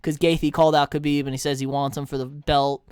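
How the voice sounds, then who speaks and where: A man co-hosting a sports podcast, retelling fights in an animated, chatty way with lots of fillers. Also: fairly high pitch, fairly quick, smooth, no room sound, studio quality. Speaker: podcast co-host. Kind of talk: casual sports chat.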